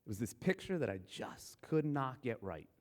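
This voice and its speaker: A man's voice: medium pitch, very animated, normal speed, a little mellow. A man giving a conversational sermon, candid and self-deprecating, telling stories about himself. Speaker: guest preacher. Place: church sanctuary. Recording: long hall reverb in a church.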